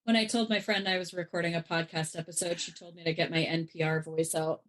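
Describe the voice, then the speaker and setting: A woman's voice: lowish voice, level tone, fast talker. A woman on a podcast chatting casually and reading listener questions aloud, with small hesitations. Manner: chatty, slightly hesitant reader.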